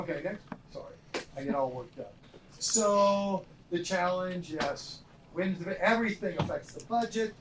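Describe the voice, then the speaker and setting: A middle-aged man teaching documentary production, his voice bright and slightly high for a man. He tells shoot stories excitedly, acting out the people in them and sometimes falling to a hush. Faint background noise hangs over the seminar recording. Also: poor audio. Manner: excitable, acts out dialogue, drops to near-whispers. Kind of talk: animated storytelling lecture.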